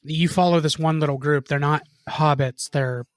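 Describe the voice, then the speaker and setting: A man co-hosting a casual podcast, chatty and quick to question the plot. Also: fairly high pitch, fairly even intonation, dry recording. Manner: chatty, puts on silly voices. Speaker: podcast co-host. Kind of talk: casual chat.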